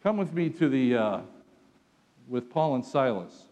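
A man's voice: medium pitch, big pitch swings, a little slow. Dramatic male preacher in a reverberant hall. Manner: dramatic storytelling, swings from hushed to shouting. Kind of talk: sermon.

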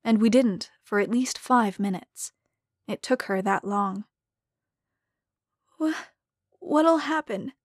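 Woman, audiobook narrator, measured and even, dry close recording. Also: mid-range voice, dry recording. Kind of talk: scripted narration.

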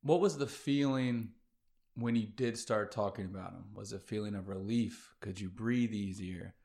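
Lower-voiced male interview host. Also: moderate pace, a little mellow. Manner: attentive, brief affirmations. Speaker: podcast host. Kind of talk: casual interview.

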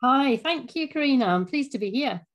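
English woman in her 50s, gravelly voice, relaxed thoughtful guest chat. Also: sits high, normal speed. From England. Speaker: audio drama writer, guest. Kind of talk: casual interview chat.

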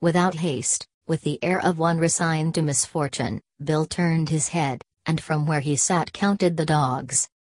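A woman narrating an audiobook in a measured, plain storytelling manner. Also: low voice, darkish tone, dry recording.

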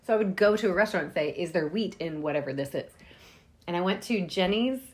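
A woman's voice: fairly low pitch, lively intonation, fast talker, darkish tone. A woman from Nashville in her early forties, chatty and wry, telling a story in a casual conversation and laughing through it. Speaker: guest co-host.

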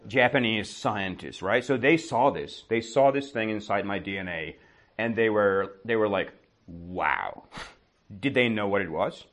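A man's voice: lowish voice, normal speed, fairly bright tone. A man teaching with a casual story, asking and answering his own questions and often adding "right?".

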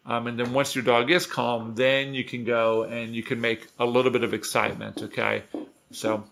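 A man with a gravelly, mid-pitched voice explains dog training in an easygoing way. His talk is loose and conversational, full of restarts and asides. He sounds like a trainer coaching owners. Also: moderate pace. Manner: relaxed, conversational, many restarts. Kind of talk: casual instructional talk.

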